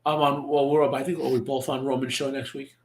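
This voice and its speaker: A man's voice: medium pitch, little pitch movement, fast, echoey room, rough recording. A man chatting as a podcast guest, telling stories in a rambling way with many restarts. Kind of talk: casual chat.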